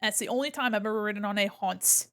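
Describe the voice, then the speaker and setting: A young woman streamer chatting casually with her viewers while she draws, animated, laughing often and swearing freely. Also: mid-range voice, fast. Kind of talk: casual chat with a live stream chat while drawing.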